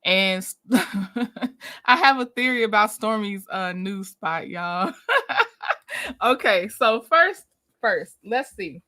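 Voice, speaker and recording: A woman's voice: mid-range voice, lively intonation, takes it slowly, pushed and bright. A woman hosting a casual livestream, chatty and greeting viewers by name with frequent laughs. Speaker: commentary channel host.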